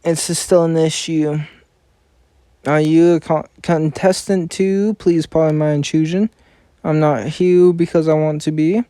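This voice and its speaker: A man reading game story dialogue aloud in a plain, even manner, often stumbling over words and correcting himself. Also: on the high side, unhurried, smooth, no echo, clean studio sound. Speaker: reader of game story scenes.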